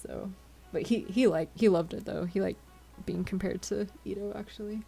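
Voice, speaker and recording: Woman streamer, sleepy and chatty, low gravelly fry, giggles a lot. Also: normal speed, dark tone, faint music behind. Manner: chatty, giggly, stumbling over words. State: tired, yawning. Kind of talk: casual live-stream chat with viewers.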